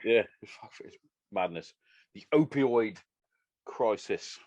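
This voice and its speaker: A man's voice: lowish voice, takes it slowly, no room sound. A man hosting a podcast, swearing freely as he tells stories in casual chat. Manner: sweary, animated storytelling. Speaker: podcast host.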